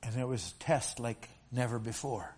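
An older man from Alberta, Canada, preaching a sermon and telling a story with stammering restarts and animated storytelling. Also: mid-range voice, normal speed, husky. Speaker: pastor.

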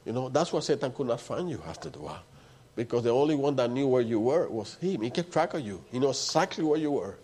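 A man preaching a sermon with fervent, emphatic delivery, swinging between raised and hushed passages. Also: mid-range voice, animated, fast talker.

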